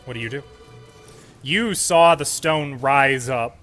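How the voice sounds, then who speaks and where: Bright-voiced man running a tabletop game. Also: mid-range voice, slow pace, soft background music. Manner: patient, explaining rules. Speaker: game master.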